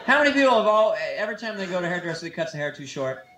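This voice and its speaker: High-voiced young male comedian, playful crowd work, echoey nightclub, noisy old live tape. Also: big pitch swings. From San Francisco. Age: 20s. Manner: quick, playful, teasing the crowd, slips into silly voices. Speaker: stand-up comedian. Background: audience laughter.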